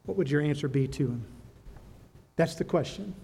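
A man's voice: fairly high pitch, lively intonation, moderate pace, gravelly, mellow, husky. A man preaching a sermon to a live congregation as pastor, repeating rhetorical questions and telling a story to drive his point home. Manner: tells a story to make a point.

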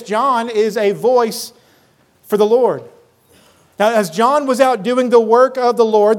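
High-voiced earnest male pastor. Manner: earnest preaching, slows to stress key words. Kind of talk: sermon. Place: church sanctuary.

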